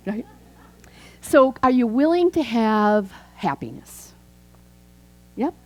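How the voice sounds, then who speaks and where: A woman in her fifties, a minister, preaching a chatty, animated sermon in a church. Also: fairly low pitch, slow, long pauses, poor audio. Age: 50s. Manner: animated, chatty, acts out quoted voices. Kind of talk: conversational sermon.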